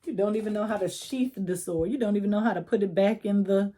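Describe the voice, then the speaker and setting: A young woman gives a relaxed, chatty tarot reading with a mellow, warm tone. She coaches the listener directly and drops in slang as she goes. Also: mid-range voice, quick pace. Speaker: tarot reader.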